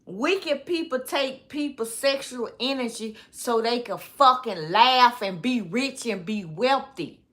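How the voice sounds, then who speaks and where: A woman vlogger, talking slowly in a rambling monologue, repeating phrases and often breaking into laughter. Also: a little high, lively intonation, fairly bright tone.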